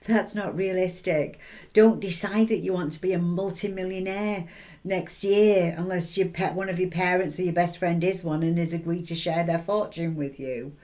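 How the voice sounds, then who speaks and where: A woman with a somewhat low voice talks through motivational advice in a chatty, encouraging way. She keeps checking in with the listener with quick tag questions, like someone coaching a friend. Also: fairly even intonation, a little mellow. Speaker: intuitive reader and advice giver. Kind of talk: motivational advice talk to camera.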